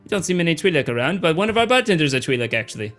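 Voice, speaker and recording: A man voicing a gruff, suspicious male alien doorman who guards a tavern entrance in a space tabletop game. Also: mid-range voice, sing-song, slow, bright, forceful tone, soft background music, full character voice.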